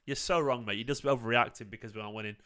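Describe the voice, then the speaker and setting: A man's voice: mid-range voice, steady tone, fast, a bit bright, clear, resonant tone. A young man hosts a live football watchalong, chatty and prone to laughing fits. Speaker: football fan channel host. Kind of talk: live match watchalong commentary.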